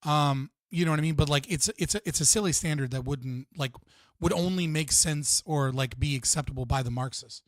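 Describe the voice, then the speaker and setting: A man's voice: on the high side, brisk, dry recording. A man reacting on a live stream, ranting and swearing as he talks to his chat. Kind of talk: casual live-stream commentary.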